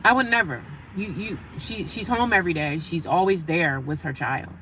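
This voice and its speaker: A woman livestreaming casual talk from her daily life, animated and emphatic, repeating her points and breaking off to greet passersby. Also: on the low side, moderate pace, a little hiss or hum. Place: homeless shelter area.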